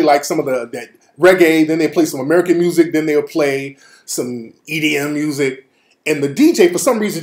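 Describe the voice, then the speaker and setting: A man hosting a show, telling a comedic story in an animated, profane way, laughing as he goes. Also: fairly high pitch. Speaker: host. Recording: roomy echo.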